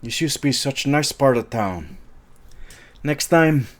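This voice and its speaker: A smooth, menacing street thug speaks in a put-on French accent, as a man imitates a film quote. The voice sits at an ordinary male pitch and carries a quiet, mock-threatening edge. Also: animated, measured pace, lightly acted.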